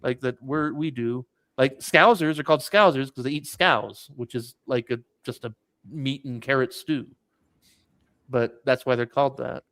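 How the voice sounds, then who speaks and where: A man's voice: mid-range voice, moderate pace, a bit bright, no echo, studio quality. A man on a casual podcast, telling a rambling story with lots of restarts and "like"s. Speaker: podcast host. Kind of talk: casual chat.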